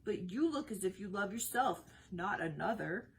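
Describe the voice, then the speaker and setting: A woman voicing a lively young woman in disguise, who fires off eager questions and teases. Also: mid-range voice, a little hiss or hum, lightly acted, low-quality recording. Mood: teasing. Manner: eager, rapid-fire questioning.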